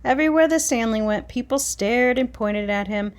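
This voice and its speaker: A woman reading a children's chapter book aloud, expressive and dramatic. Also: on the high side, moderate pace. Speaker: reader. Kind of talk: storybook read-aloud.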